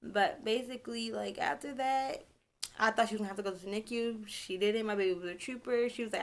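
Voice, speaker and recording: A woman's voice: on the high side, brisk. A young woman vlogging at home, telling a story casually, rambling, backtracking and apologizing as she goes. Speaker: vlogger, new mother.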